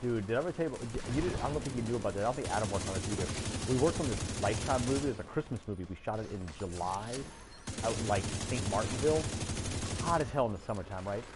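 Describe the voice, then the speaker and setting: A man chatting casually while he plays a game, rambling through stories and jumping into animated voices for the people he quotes. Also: on the low side, fast talker, very noisy. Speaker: gaming streamer. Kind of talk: casual chat while gaming.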